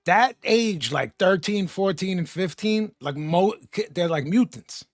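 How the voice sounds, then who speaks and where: A man's voice: high-pitched, animated, unhurried, no echo, studio quality. A man with a Philadelphia accent, co-hosting a podcast in blunt, slangy casual chat. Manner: slangy, blunt street talk. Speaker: podcast co-host.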